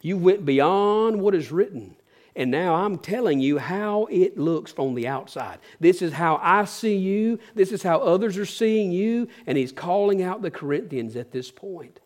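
A man preaching a sermon, lively and playful, slipping into sarcastic asides and dropping quiet at times. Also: measured pace. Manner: varies volume, dropping low for quiet asides. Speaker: pastor.

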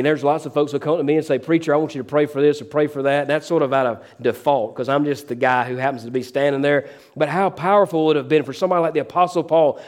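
A man preaching a sermon as pastor, often calling out "amen?" and acting out the words of the people he quotes. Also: on the high side. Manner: preacherly, calls out "amen?" to the congregation; voices quoted figures with shifts in pace and loudness.

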